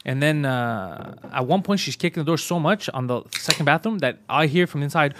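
Guy on a podcast telling a wild story, lots of swearing, voice a bit high, gets loud doing quotes. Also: fairly quick, few pauses. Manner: excitable, profane, acts out quotes with rising pitch. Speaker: podcast co-host. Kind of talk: casual storytelling chat.

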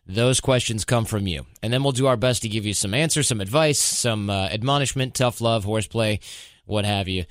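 A man hosting a podcast, telling stories in a casual, chatty way and slipping into quick voices. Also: mid-range voice, clear, resonant tone, no echo, clean studio sound. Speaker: podcast host.

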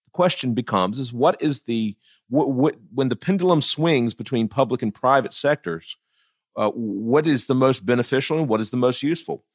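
A man's voice: mid-range voice, expressive, normal speed, no room sound, studio quality. A middle-aged man talking politics casually, blunt and profane, often laughing as he tells stories. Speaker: political commentator.

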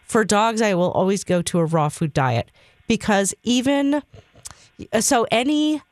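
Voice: mid-range voice, animated, unhurried, no room sound. Vet explaining diets on call-in radio. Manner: explanatory, conversational. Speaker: veterinarian guest.

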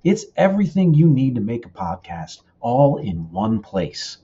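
A man reads a sponsor spot for his podcast, upbeat and promotional. His pitch moves animatedly while his tone stays mellow and dark. The recording sounds dull and lo-fi. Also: very animated, measured pace. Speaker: podcast host reading a sponsor ad. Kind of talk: read advertisement.

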